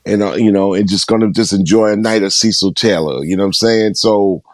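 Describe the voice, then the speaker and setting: A man's voice: on the low side, fairly quick, darkish tone, no echo, clean studio sound. A man in his sixties, a guest in a casual interview, talking emphatically and repeating phrases for stress. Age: 60s.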